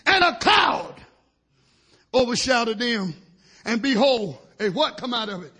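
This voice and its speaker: A middle-aged male preacher gives a fiery sermon, swinging from shouted peaks to low asides and dropping in hallelujahs. His husky voice moves through big pitch swings at a slightly slow pace.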